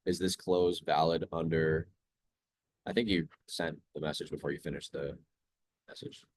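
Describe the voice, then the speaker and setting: A man's voice: extremely low pitch, steady tone, moderate pace, no room sound. A young man hosting a trading livestream, talking in a laid-back, chatty way and reading viewer questions aloud. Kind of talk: casual live-stream commentary.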